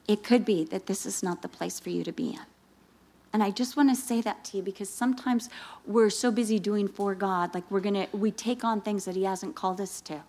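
A middle-aged woman preaching to a gathering of women. She weaves personal stories into her message and brings them to life, jumping up in pitch as she acts out what people said. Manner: animated storytelling, acting out dialogue with rising pitch. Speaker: speaker at a women's Christian gathering. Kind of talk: sermon with personal story.

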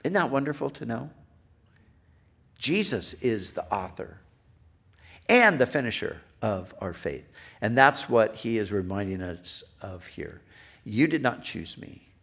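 A man preaching a sermon as pastor, swinging between emphatic lines and hushed asides. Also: on the low side, lively intonation, creaky. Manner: slow, dynamic preaching, swinging from loud to hushed.

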